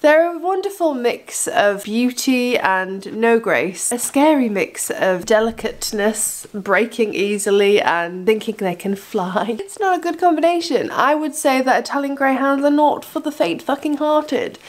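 Expressive and on the high side, this dog owner's voice moves at a measured pace with few pauses as she vlogs casually and playfully, cursing frequently. She talks into a handheld camera, both inside a car and out in the snow.

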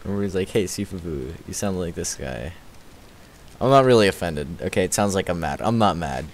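Chatty raspy-voiced man streaming a game. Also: deep voice, expressive, fairly quick, a little hiss or hum. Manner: chatty, thanks viewers, repeats filler words. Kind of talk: casual livestream commentary while playing.

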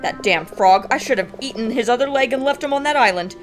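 Woman doing a gruff old sea captain rat. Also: a little high, lively intonation, brisk, close to an everyday voice. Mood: grumbling. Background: game music.

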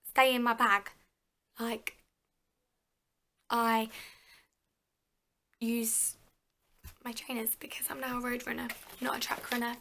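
Bright, gravelly-voiced young woman vlogging. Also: on the high side, a little hiss or hum. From England. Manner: chatty, lots of fillers, addresses viewers. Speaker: fitness vlogger, personal trainer. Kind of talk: casual show-and-tell vlog.

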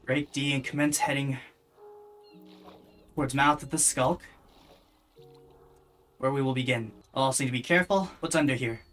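A let's-play gamer narrates their own run in a running stream of self-talk, dry and sarcastic by turns. The voice is bright and edged, with a faint bed of music under it. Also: mid-range voice, moderate pace, long pauses. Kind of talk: casual gameplay commentary.

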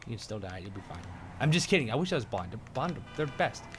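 A man's voice: medium pitch, big pitch swings, quick pace. A young man commentating over gameplay in a goofy, joking way, with mild swearing. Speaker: gaming video host. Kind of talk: let's play commentary. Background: game music and sounds.

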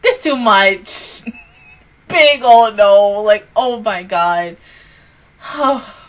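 A young woman hosting an anime reaction video, speaking, excitable and swearing freely, swinging between loud outbursts and hushed whispers. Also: mid-range voice, drawn-out words, low-quality recording. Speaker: anime reaction channel host.

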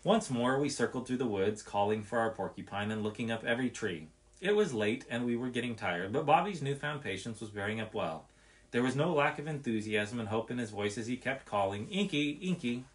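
A man reading a nature story aloud in an expressive, measured way. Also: mid-range voice.

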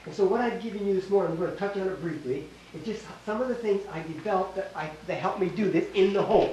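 A man's voice: high voice, fast, a little mellow, muffled recording. An older man with a Canadian accent teaching a Bible class in a small church hall, emphatic, repeating himself and quizzing his listeners. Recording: echoey room, distant mic, faint hiss.

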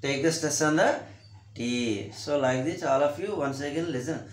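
A man's voice: on the high side, moderate pace, roomy sound. A man with a Telugu accent giving a classroom grammar lesson, repeating himself and spelling words out letter by letter. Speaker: teacher.

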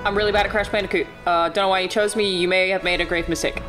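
A woman's voice: medium pitch, steady tone, racing, music in the background. A woman playing a video game with friends, self-deprecating and yelping when her character dies. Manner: self-deprecating, yelps and swears when dying. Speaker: player in a gaming race. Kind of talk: casual gameplay chat.

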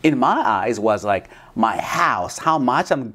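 A man talking as an interview guest, earnest and halting, with many restarts and "you know". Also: medium pitch, lively intonation, fairly bright tone. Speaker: guest, foster parent. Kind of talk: conversational interview.

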